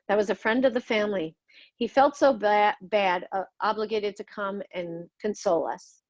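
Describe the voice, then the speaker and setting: A woman's voice: medium pitch, normal speed, no room sound, muffled recording. A middle-aged woman narrating her own life story in a somber, confessional way, blunt and sometimes swearing. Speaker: podcast host telling her own story. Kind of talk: personal memoir narration.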